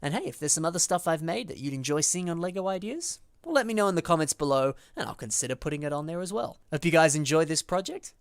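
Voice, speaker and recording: A woman's voice: sits low, expressive, quick pace, hardly any pauses, no echo, clean studio sound. A woman giving a casual, friendly video message to viewers and thanking them as she signs off.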